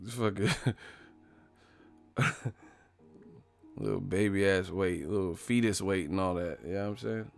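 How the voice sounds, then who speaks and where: A man's voice: on the low side, moderate pace, gravelly, pauses often, faint music behind. A man hosting a boxing channel, riffing in a loose, profane comedic rant and laughing often. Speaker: boxing commentator.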